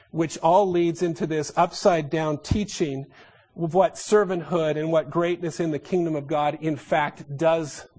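High-pitched guy preaching, tosses questions at the congregation. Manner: animated, rhetorical questions to the congregation. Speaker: pastor. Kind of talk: sermon.

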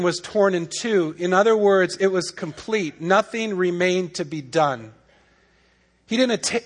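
A male pastor delivers a sermon in a notably high voice. He talks in a conversational way, then leans hard on key points and keeps asking rhetorical questions. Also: a bit bright.

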